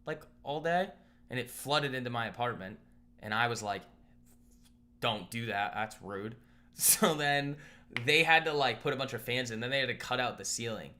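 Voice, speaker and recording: A man's voice: medium pitch, animated, moderate pace, bright, forceful tone. A young man hosting a live trading stream from his apartment, chatting casually, rambling and joking while reading the chat aloud. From Boston area. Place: apartment room.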